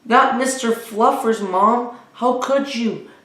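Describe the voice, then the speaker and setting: A man's voice: very high voice, takes it slowly, fairly bright tone, pitched above the performer's own voice, exaggerated voice. A man doing a whiny, scheming little boy. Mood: pleading. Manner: whiny, dramatic, wheedling. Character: stubborn little boy bargaining over his toys. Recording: roomy echo.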